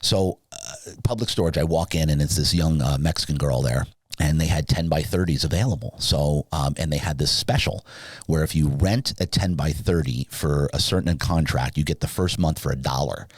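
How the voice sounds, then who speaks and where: A man, a guest on an interview podcast, telling a long personal story in a casual, animated way and acting out the people in it with sudden high pitch jumps. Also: normal speed, slightly rough, no room sound. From Southern California. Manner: animated, acts out dialogue with big pitch jumps. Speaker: podcast guest, sleep business founder.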